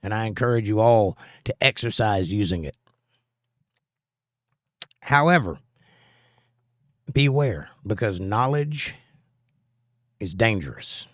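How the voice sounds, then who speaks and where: A man's voice: lowish voice, lively intonation, slow pace, long pauses, fairly bright tone, no room sound, studio quality. A middle-aged American man with a plainspoken, earnest manner, chatting with his stream audience and teaching about the Bible. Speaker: livestream host and Bible teacher. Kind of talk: casual chat and Bible teaching.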